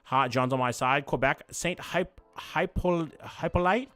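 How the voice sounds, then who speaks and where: A man, chatting casually and quickly as he reacts to places live on stream and talks to his chat. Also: fairly high pitch, bright, forceful tone, soft background music. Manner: fast, casual, swears freely.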